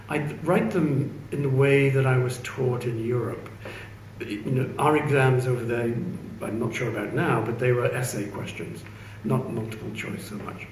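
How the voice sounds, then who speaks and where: Wry reserved Englishman, echoey and distant. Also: mid-range voice. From England. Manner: measured, wry, reserved storytelling. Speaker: speaker. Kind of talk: anecdotal opening speech. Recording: echoey room from a distance, faint hum.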